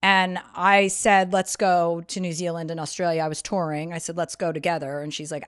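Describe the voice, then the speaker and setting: A woman's voice: on the low side, brisk, few pauses, no echo, clean studio sound. A woman guest on a podcast, telling a long story in casual, swearing chat that keeps building into rants. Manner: profane, animated storyteller, rants with rising volume.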